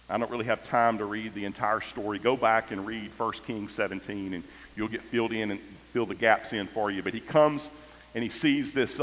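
A pastor delivers an animated, story-driven sermon in a large, echoey church hall, swinging between loud exclamations and quiet asides. His voice is on the low side.

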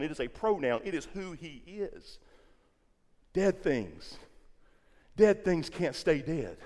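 A man preaching in a church with a high, ringing voice that carries through a long hall echo. He drops to near hushed lines, then climbs to loud, insistent peaks, often repeating words as he builds. It has the rhythm of a live sermon. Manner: impassioned, swinging from quiet to loud, repeating words. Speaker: pastor. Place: church sanctuary.

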